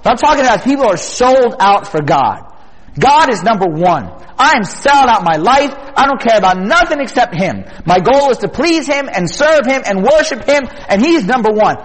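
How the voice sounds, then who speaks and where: A man giving an energetic youth sermon at a retreat, talking casually and often asking his listeners questions. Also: very high voice, normal speed, big-room sound, poor audio. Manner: energetic, conversational, asks the audience questions.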